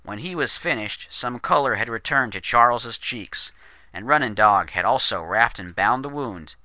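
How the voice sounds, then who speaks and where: A man narrating a western horror story in a steady, descriptive storytelling manner. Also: mid-range voice, moderate pace, no room sound.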